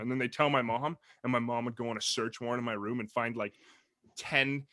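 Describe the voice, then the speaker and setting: A young man in his twenties hosting a podcast, reminiscing quickly with a laugh in his talk. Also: medium pitch, sharp tone, no room sound. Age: 20s. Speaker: podcast host. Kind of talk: casual chat.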